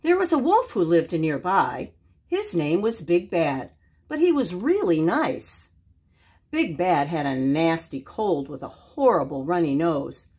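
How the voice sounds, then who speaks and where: An older woman reading a children's story aloud, expressive and animated. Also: on the low side, a little slow, husky.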